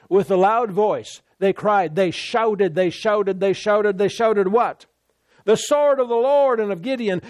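Animated preacher man, fairly high voice. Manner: animated, repeats words for emphasis. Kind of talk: sermon with call-and-response.

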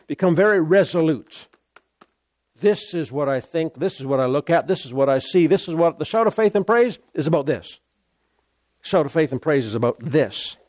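A man preaching a sermon, emphatic and repetitive, pausing to stress his points. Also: a little high, a little mellow, no room sound.

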